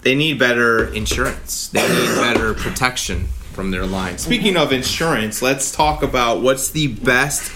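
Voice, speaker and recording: A man's voice: medium pitch, heavy background noise. A man hosting a sports podcast, ranting heatedly with lots of swearing. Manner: profane, heated, rapid rant. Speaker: podcast host.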